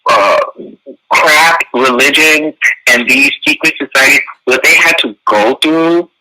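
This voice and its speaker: A man's voice: on the high side, sharp tone, low-quality recording. A man co-hosting a sassy reaction commentary, ranting in an indignant, preachy way. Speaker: co-host.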